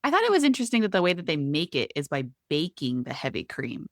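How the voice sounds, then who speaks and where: Woman, low voice, relaxed podcast cohost, dry sound. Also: quick pace, dry recording. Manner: relaxed, thinks aloud with restarts and likes. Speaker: podcast co-host. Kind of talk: casual chat.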